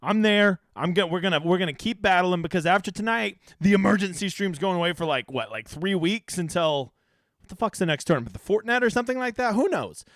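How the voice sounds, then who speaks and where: A man's voice: sits high, animated, brisk, a bit bright, no room sound, clean studio sound. A young man hosting a fantasy sports live stream, brash, profane and hyped-up.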